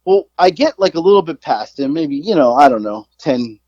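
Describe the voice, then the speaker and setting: A man's voice: fairly high pitch, sing-song, moderate pace, darkish tone, no room sound, lo-fi sound. A man in his forties, a podcast co-host, telling a rambling, profane, self-mocking story in casual chat.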